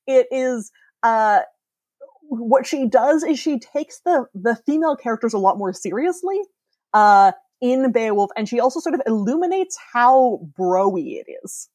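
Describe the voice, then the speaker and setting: A woman's voice: on the high side, a little mellow, no room sound. A woman in her thirties, a podcast guest, explaining ideas eagerly in casual chat and laughing often.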